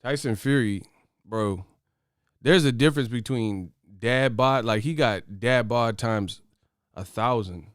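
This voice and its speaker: A brash man riffing straight to his viewers, profane and mocking as he trash-talks a fighter. His voice sits at an ordinary pitch for a man, recorded close and dry with no room around it. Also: slow pace, smooth, no echo. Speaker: host of a boxing commentary channel. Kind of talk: casual commentary to camera.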